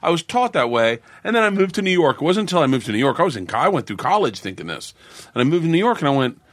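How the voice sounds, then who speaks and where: Animated middle-aged man telling stories. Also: on the high side, racing, no room sound. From American South. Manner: animated storyteller, acts out quotes. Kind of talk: casual chat.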